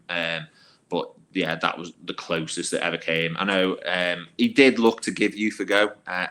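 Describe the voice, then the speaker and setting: A man, a former youth footballer, telling anecdotes as a podcast guest in a casual, animated way with plenty of fillers. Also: low voice. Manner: animated, acts out quoted voices, filler-heavy.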